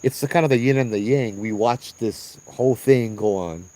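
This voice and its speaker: A man's voice: medium pitch, normal speed, mellow, low-quality recording. A man guiding a night ghost tour on an outdoor trail, telling stories animatedly and acting out what people said, with frequent restarts. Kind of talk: storytelling on a walking ghost tour.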